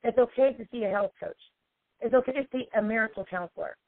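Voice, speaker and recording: Woman life coach, emphatic and preachy, gravelly fry in the voice, dry phone-like recording. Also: on the high side, fast talker, dry recording. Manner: emphatic, preachy, repeats points for effect. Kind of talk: motivational self-help monologue. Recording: tinny phone-like dry sound.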